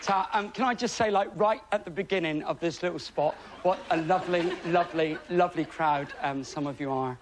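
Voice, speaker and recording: A middle-aged man from England doing a stand-up comedy routine, chatty and self-mocking, with deadpan asides to the crowd. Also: fairly high pitch, fairly quick, few pauses. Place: TV studio before a live audience. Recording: loud studio audience laughter and noise.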